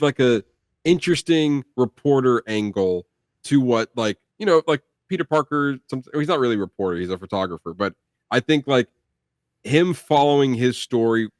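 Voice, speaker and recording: A man's voice: medium pitch, clear, resonant tone, dry recording, clean studio sound. A young man co-hosting a film review podcast, chatting casually and rambling with plenty of fillers. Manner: rambling, lots of "like" and restarts. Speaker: podcast co-host.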